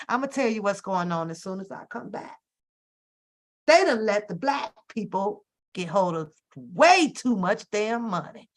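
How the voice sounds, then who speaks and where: A woman's voice: fairly high pitch, moderate pace. Exasperated woman ranting on a live stream. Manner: animated, exasperated, profane ranting. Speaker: host. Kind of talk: casual live-stream chat.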